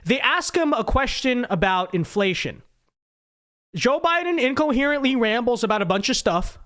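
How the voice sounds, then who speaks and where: A man's voice: high-pitched, fairly bright tone. A young man hosting a casual live reaction show, rambling and emphatic as he talks straight to his viewers. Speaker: political commentary host.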